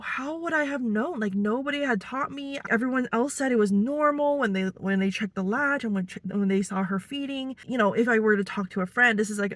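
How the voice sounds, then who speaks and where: A woman's voice: medium pitch, no room sound. A young woman, a first-time mom, talking in a casual confessional vlog, chatty and full of "like" and "you know". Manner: chatty, lots of "like" and "you know", animated quoted voices. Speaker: vlogger and new mom.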